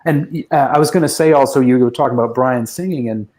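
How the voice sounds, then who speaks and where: Guy in his 60s, mellow voice, rambling through old band stories on a podcast, chuckles here and there. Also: mid-range voice, fast, low-quality recording. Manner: reflective, rambling anecdotes with soft chuckles. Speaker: guest musician. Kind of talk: casual interview storytelling.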